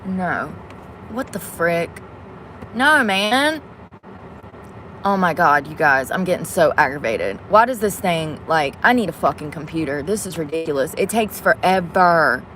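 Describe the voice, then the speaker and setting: A woman's voice: lowish voice, expressive, unhurried, a bit bright. Woman ranting to her viewers, annoyed and swearing at a device, faint noise behind. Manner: frustrated, muttering and cursing while fiddling with a device. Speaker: vlogger. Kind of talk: casual vlog talk to viewers.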